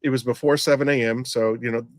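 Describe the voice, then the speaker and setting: A man's voice: mid-range voice, steady tone, fast talker, no echo. A middle-aged man, a former EMT, telling a blunt story in casual podcast chat, rambling with many restarts. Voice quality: rambling, frequent restarts and fillers.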